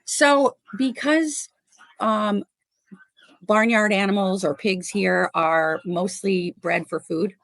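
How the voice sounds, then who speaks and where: Creaky and slow, her medium-pitched voice recorded dry, a woman from Chicago shares casual interview chat as a podcast guest and animal rescuer. She comes across warm and chatty, laughs a lot, and uses many fillers.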